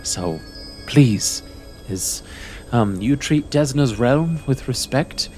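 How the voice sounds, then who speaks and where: A man voicing a gracious, serene female celestial who welcomes travelers with gentle formality. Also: mid-range voice, animated, slow pace, soft background music. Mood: welcoming.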